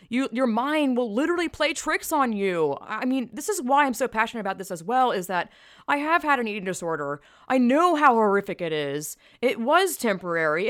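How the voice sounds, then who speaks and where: A woman's voice: a little high, fairly bright tone, no echo, studio quality. A young woman hosting a podcast, talking bluntly and emphatically with frequent swearing and exclamations. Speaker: podcast host. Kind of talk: casual opinionated podcast commentary.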